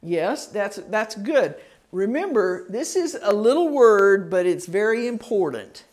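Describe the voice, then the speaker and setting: A woman leads a citizenship class at an unhurried pace, her voice sitting mid-range. She drills words one syllable at a time, patient and encouraging. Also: medium pitch, very animated, darkish tone. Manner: slow, clear, encouraging, sounds words out syllable by syllable. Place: classroom in a ministry center.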